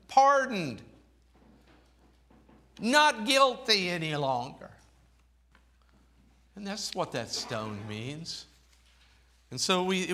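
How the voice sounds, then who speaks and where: A man delivering a sermon at an unhurried pace, his voice bright and a little high for a man. He swings between soft, low-voiced phrases and raised, emphatic ones, and reads scripture aloud in old-fashioned wording. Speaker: preacher.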